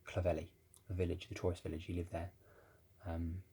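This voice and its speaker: Brief: dark-toned, gravelly man, candid and unpolished, chatting off the cuff. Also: sits low, monotone, a little fast, a little hiss or hum. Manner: rambling, with many restarts and swearing. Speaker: ex-Jehovah's Witness vlogger. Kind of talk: casual rambling monologue.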